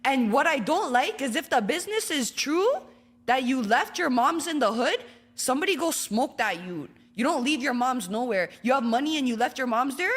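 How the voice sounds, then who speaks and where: A woman's voice: high-pitched, animated, normal speed. A woman with a Toronto accent ranting casually in blunt, slangy language. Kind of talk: casual rant.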